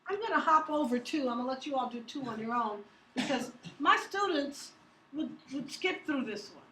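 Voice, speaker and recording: A woman's voice: sits high, lively intonation, normal speed, bright, forceful tone. A woman teaching math to a class, upbeat and teasing, asking students questions as she works through problems. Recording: echoey classroom from far off.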